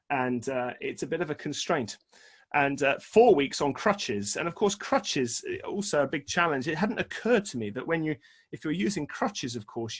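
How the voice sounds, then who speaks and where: A man in his forties telling a personal story on an online video call, animated and self-deprecating, jumping up in pitch when he voices his own past reactions. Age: 40s.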